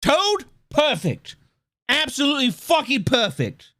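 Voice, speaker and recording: Guy streaming a reaction, high bright voice, swears a lot, dry close mic. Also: wildly swooping pitch, a little slow, no echo. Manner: loud, profane, laughing often.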